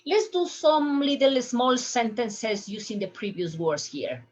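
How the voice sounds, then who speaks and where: A woman teaching Spanish to healthcare workers, saying each word slowly three times for listeners to copy. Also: fairly high pitch, very animated, highs cut off. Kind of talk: language lesson for healthcare workers.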